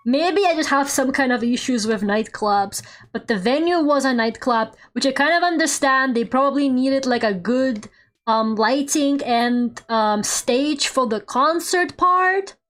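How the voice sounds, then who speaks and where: A woman's voice: high voice, a little slow, a bit bright. A woman streamer chatting casually while she draws, laughing often and swearing offhandedly. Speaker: VTuber streamer.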